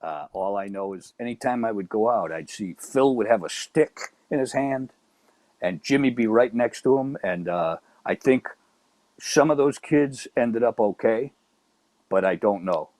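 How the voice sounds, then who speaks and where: A middle-aged man from Chicago's South Side, telling old neighborhood stories in a casual, animated chat. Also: fairly low pitch, unhurried, dry recording. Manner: animated, acts out quoted voices. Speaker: guest storyteller.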